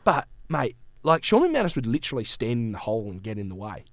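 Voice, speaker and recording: A young Australian man from the Great Southern of Western Australia, a podcast guest telling animated stories and acting out other people's voices. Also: mid-range voice, fast, no echo, studio quality. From Great Southern region of Western Australia. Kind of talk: casual chat. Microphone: studio mic.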